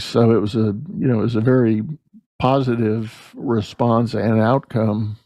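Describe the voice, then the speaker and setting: A man's voice: medium pitch, fairly even intonation, a little slow, dark tone, no echo. A middle-aged man hosting a podcast, chatting conversationally and telling stories with acted-out quotes. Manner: storytelling, acts out quoted voices. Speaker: podcast host. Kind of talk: conversational interview.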